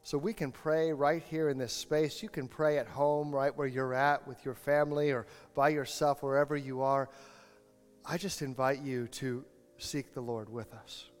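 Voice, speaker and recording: A man's voice: medium pitch, fairly even intonation, moderate pace. A male pastor preaching a sermon, telling a story and building to impassioned appeals. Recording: long hall reverb, faint music.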